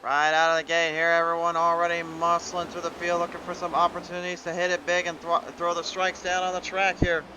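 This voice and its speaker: A man's voice: fairly high pitch, monotone, background noise. A man calling a sim racing event, reading the starting lineup and giving hyped play-by-play commentary. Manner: rapid hype announcer reading a long lineup, self-correcting.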